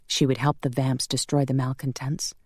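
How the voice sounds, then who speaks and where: An audiobook narrator reading a romance in a measured, calm manner. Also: mid-range voice, husky, no room sound, studio quality. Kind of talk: scripted narration.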